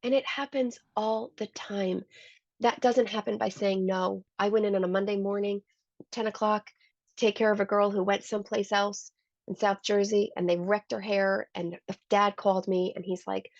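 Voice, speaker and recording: A woman's voice: mid-range voice, level tone, normal speed, no echo. A woman who owns a salon, telling heartfelt stories as a guest in a conversational interview. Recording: dull, lo-fi dry sound.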